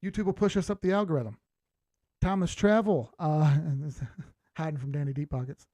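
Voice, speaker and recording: A man hosting a live crypto chart stream, chatting casually as he reads out viewer comments, blunt and quick to swear, often laughing. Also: a little high, animated, mellow, dry recording.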